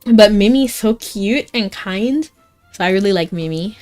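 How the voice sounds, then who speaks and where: A chatty young woman talks over her game stream, wandering from one thought to the next and giggling often. Her pitch sits mid-range for a woman, and soft game music hums faintly behind her. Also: expressive, a little slow. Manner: chatty, rambling, giggly, answers chat. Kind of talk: casual live-stream chat.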